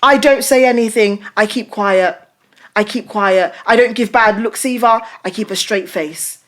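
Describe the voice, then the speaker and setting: British woman pastor talking it out, emphatic and expressive, mid-range voice. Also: medium pitch, a little slow. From Britain. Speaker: pastor and guest. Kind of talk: casual chat.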